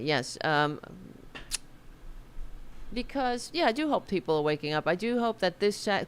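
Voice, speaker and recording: A woman's voice: low voice, smooth. A middle-aged woman with a New York accent hosting a political livestream, rambling and swearing in a loose, casual way. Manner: rambling and profane, self-conscious about her hair. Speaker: political podcast host.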